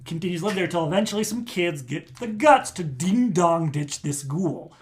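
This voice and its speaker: A man's voice: high voice, expressive, moderate pace, slight background noise. Young man spinning a jokey rambling tale. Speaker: podcast co-host. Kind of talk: casual chat.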